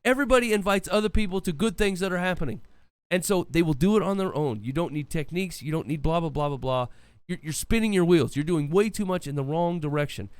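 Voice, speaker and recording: Earnest fast-talking man giving advice. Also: a little high, clean tone, no room sound. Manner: earnest, preachy advice on youth ministry. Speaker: podcast co-host. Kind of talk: casual chat.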